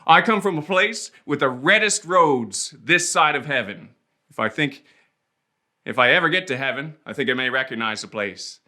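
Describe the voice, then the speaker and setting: A man's voice: mid-range voice, lively intonation, normal speed, pushed and bright. A man with a Prince Edward Island accent, delivering a playful, rhythmic comic spoken-word monologue. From Prince Edward Island, Canada.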